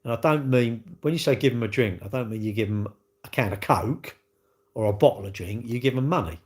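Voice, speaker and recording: A man's voice: mid-range voice, a little fast. Blunt man rambling on a livestream. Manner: rambling, blunt, asks tag questions. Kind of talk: casual livestream chat. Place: indoors at home.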